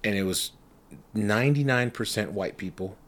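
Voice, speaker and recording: Young man, low-ish voice, casual podcast chat, profane, animated storyteller. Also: moderate pace. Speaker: podcast co-host.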